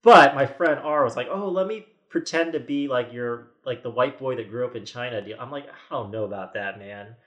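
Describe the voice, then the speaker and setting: A man's voice: medium pitch, a little fast, few pauses, fairly bright tone, dull audio. A man in his forties, a podcast guest, telling a story in casual chat with many restarts and quoted asides.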